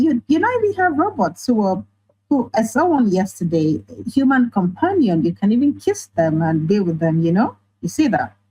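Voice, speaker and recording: A woman with a Nigerian accent, an online teacher and writer talking in a casual interview, animated and quick to act out the voices she quotes. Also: mid-range voice, breathy edge, rough recording. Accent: Nigerian English. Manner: animated, often laughing, acts out quoted voices.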